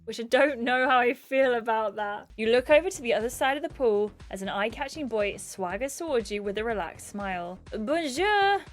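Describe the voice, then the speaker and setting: A chatty woman recaps a video game for her channel in an easy, casual way. Her voice sits fairly high, and she exclaims and asks questions as she goes. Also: fairly quick, hardly any pauses. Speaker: gaming YouTuber.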